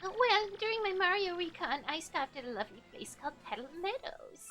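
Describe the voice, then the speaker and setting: A woman's voice: extremely high pitch, very animated, brisk, sharp tone, soft background music, voice pushed up, heavily acted. A woman voicing a fawning old female witch advisor while reading game dialogue aloud. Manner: fawning, wheedling old crone voice.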